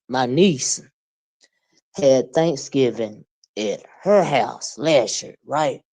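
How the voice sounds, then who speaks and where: A vlogger in her fifties with a bass voice and darkish tone chats into the camera, directing her casual monologue at a fellow creator. Her plain, folksy Southern-style talk is peppered with "child" and "you know what I mean." She comes across older than her age, calling herself a surly old bird.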